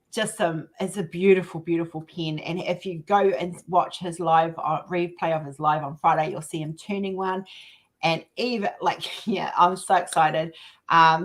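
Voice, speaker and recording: A woman's voice: on the low side, a bit bright. Gushing woman hosting a live chat. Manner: gushing, laughs often. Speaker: host.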